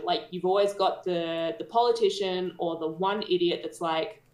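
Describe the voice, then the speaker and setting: A woman's voice: fairly low pitch, moderate pace, few pauses, roomy sound. A woman with an Australian accent co-hosting a podcast, ranting bluntly and swearing freely in casual chat. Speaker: podcast co-host.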